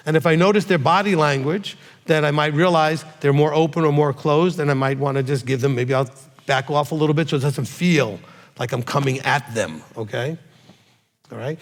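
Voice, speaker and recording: A fairly high-voiced man, a rabbi, fields questions from his congregation, talking directly and with a lively, swinging pitch. He keeps checking in with his listeners as he explains. His voice rings out with a long reverb in a large hall. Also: a little fast. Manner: direct, animated, checks in with frequent "okay?".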